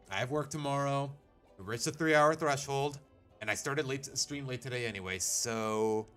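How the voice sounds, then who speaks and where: A man's voice: mid-range voice, a bit bright. A young man casually commenting while playing a game on a live stream, chatty and self-mocking.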